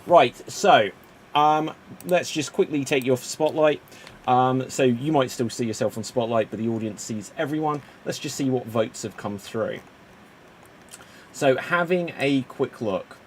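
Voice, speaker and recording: A man hosting an online improv contest on a video call, brisk and chatty, filling pauses with "um". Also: medium pitch, slight background noise. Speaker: host.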